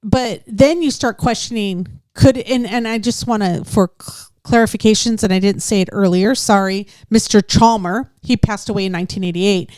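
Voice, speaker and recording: A woman's voice: mid-range voice, normal speed, hardly any pauses, a little mellow, no room sound, clean studio sound. A woman in her forties co-hosting a podcast, talking in a chatty way and laughing often. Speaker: podcast co-host. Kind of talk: casual chat.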